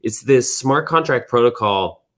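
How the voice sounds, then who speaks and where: A man hosting a weekly community news recap, thinking out loud in a relaxed, casual way. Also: medium pitch, measured pace. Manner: thinks aloud, restarts and fillers, relaxed.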